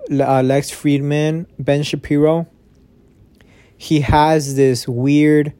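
A young man rambles through his solo podcast at an unhurried, dragging pace, cursing freely and restarting his sentences. His voice is mellow and soft-edged. It sounds dry and close, recorded on a phone in a dark bedroom under a blanket. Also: mid-range voice, no echo. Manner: rambling, profane, restarts often. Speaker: podcast host. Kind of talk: casual solo podcast chat. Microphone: phone microphone.

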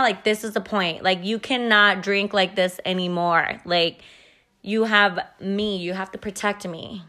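A woman's voice: medium pitch, a bit bright. A woman hosting a podcast, telling a story in a chatty, profane way and saying "like" constantly. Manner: chatty and profane, heavy use of "like". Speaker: podcast host. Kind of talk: casual storytelling.

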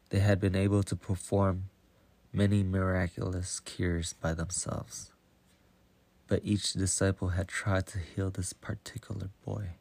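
A man narrating a Bible story in a slow, even, deliberate reading. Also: low-pitched, gravelly, no echo.

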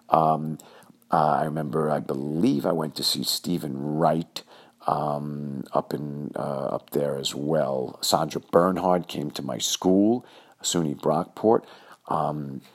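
A man from New York with a low voice and some vocal fry tells a rambling story about his youth. He's animated, leans heavily on fillers, and acts out the voices of the people he quotes.

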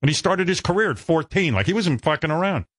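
Animated, profane radio host in his 60s. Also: fairly high pitch, fast, dry recording, studio quality. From New York area. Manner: animated, profane, self-mocking storyteller. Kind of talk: casual chat.

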